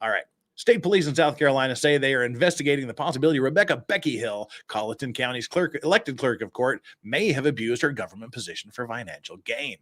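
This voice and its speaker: Talking fast and expressively at a medium pitch with a slightly bright tone, the Utah-accented host from Cache Valley reads news articles on a casual live stream, breaking off for sarcastic comments.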